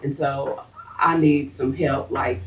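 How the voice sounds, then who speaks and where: A woman's voice: a bass voice, steady tone, slow pace, slight background noise. A woman in the audience asking the speaker a question, hesitant and thinking aloud. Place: audience in an event room. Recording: distant from the mic.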